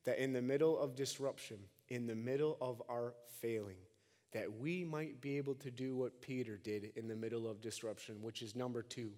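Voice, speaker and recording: A man in his thirties from Minnesota with a Minnesotan accent, preaching a sermon and swinging from quiet, low talk to shouted cries. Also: fairly even intonation, moderate pace. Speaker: pastor. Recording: long echoing hall reverb.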